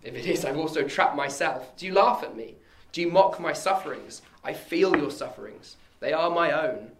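A man's voice: a little high, expressive, normal speed, background noise, pitched above the performer's own voice, lightly acted. A man voicing a wary, grieving young woman as he reads a stage scene aloud, with a suspicious, pleading manner. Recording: echoey room.

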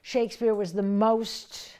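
A woman's voice: medium pitch, fairly even intonation, slow pace, dark tone, smooth. A woman voice coach explaining how to breathe through verse lines, now and then reading lines aloud with force. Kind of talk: teaching verse speaking with readings.

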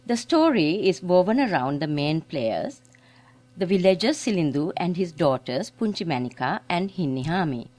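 A woman giving a keynote academic lecture, explaining carefully and pausing to search for words. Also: lowish voice, big pitch swings, a little mellow. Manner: explanatory, reads extracts aloud, searches for words. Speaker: keynote speaker.

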